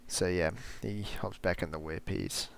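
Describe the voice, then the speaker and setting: Gravelly low-voiced man recapping a film. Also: steady tone, normal speed, slight background noise. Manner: retells scenes acting out the characters, swears casually. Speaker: podcast co-host. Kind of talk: casual film review chat.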